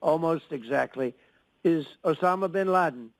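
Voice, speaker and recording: A man's voice: fairly high pitch, moderate pace, low-quality recording. An older man answering interview questions in a boastful, repetitive, rambling manner. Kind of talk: radio interview.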